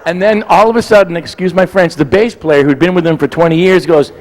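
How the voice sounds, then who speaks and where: A man's voice: sits high, brisk, big-room sound, low-quality recording. A man in his sixties telling a long, rambling anecdote, acting out voices and sounds as he digresses. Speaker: guest storyteller.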